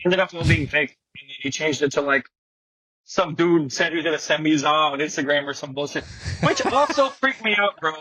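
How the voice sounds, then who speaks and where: A man's voice: on the high side, animated, fairly quick, bright, forceful tone, no room sound, rough recording. A young man, a skateboarding guest, telling a story in a slangy, profane way and acting out the quotes. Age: young adult. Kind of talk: animated storytelling with quoted voices. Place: podcast studio.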